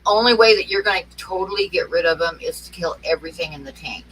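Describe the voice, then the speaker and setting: Woman guest, bright sharp voice, calm matter-of-fact tone, faint noise behind. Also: on the low side, quick pace, far from the mic, poor audio. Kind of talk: casual chat.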